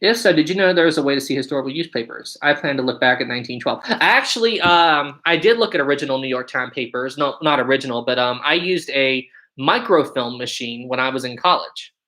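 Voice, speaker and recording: A man's voice: medium pitch, expressive, a little fast, hardly any pauses, pushed and bright, poor audio. A man in his twenties hosting a casual livestream, upbeat and chatty, answering viewer questions and thanking his audience. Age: 20s. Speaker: livestream host.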